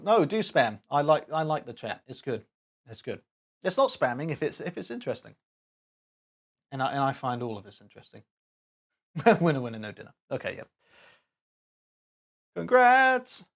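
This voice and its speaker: A man hosting a live stream, chatting casually and rambling with chuckles while he talks to his chat. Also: mid-range voice.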